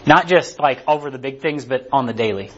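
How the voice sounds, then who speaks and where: A man's voice: mid-range voice, brisk, a bit bright, husky. A man giving a casual sermon, reading scripture and retelling it in conversational language, rising to emphatic peaks. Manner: conversational, acts out characters, builds to emphatic peaks. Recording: dull lo-fi sound.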